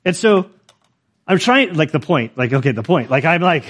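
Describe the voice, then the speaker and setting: A man preaching a sermon, telling stories in an animated, chatty way with many filler words. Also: fairly high pitch, normal speed. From United States. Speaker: pastor. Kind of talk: sermon with storytelling.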